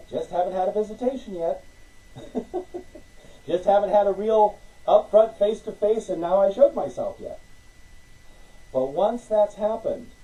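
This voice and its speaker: A man preaching a sermon in an animated way, acting out little conversations and laughing between points. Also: high-pitched, recorded from a distance, low-quality recording. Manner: animated, acts out conversations with God, laughs often.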